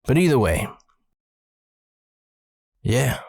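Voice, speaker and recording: A man's voice: mid-range voice, very animated, extremely slow, vocal fry, darkish tone, dry recording, clean studio sound. A man in his forties, a podcast host, casually retelling a personal ghost story with plenty of swearing. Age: 40s.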